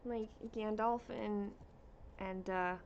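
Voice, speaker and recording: Slow, chatty woman hosting a stitching stream. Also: medium pitch, steady tone, gravelly, lo-fi sound, slight background noise. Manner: unhurried and chatty, reads out viewer comments with many fillers. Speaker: cross-stitch livestream host. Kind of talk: casual chat with viewers.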